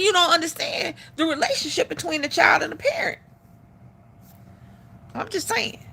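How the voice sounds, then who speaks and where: A woman's voice: high voice, vocal fry, bright, forceful tone, slightly rough. A middle-aged woman hosting a live stream, giving blunt, profane opinions in casual talk.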